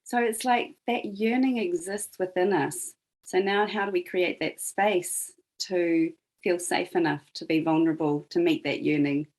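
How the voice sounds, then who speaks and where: Low-voiced woman retelling a story. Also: steady tone, unhurried, darkish tone, low-quality recording. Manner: reflective, retells a story with emphasis. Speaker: guest. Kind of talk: conversational podcast storytelling.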